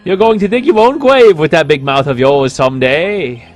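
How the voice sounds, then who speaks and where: A man's voice: a little high, lively intonation, normal speed, soft background music, lightly acted. A man voicing a vain, flamboyant male dandy in a video game, speaking pompously and theatrically. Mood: haughty. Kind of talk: reading game dialogue aloud.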